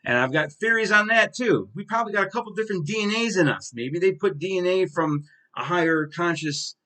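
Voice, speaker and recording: A man's voice: sits high, lively intonation, fairly quick, sharp tone. A man hosting his own podcast, delivering a heated, profane solo monologue with strong emphasis. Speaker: podcast host.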